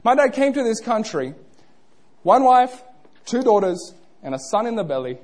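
Young male preacher, husky voice with a very lively pitch, playful and chatty with his congregation. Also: normal speed. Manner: playful, interactive, asks the crowd questions. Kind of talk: sermon.

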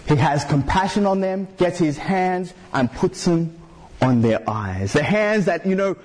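A man's voice: high voice, darkish tone, slightly rough. A man preaching a sermon in a conversational way, full of "you know" fillers and questions put to the congregation.

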